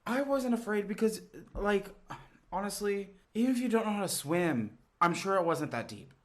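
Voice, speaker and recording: A man's voice: high voice, animated, moderate pace. A man co-hosting a podcast, giving sassy, wry commentary on a TV drama with playful swearing. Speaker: podcast co-host. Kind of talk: casual recap chat.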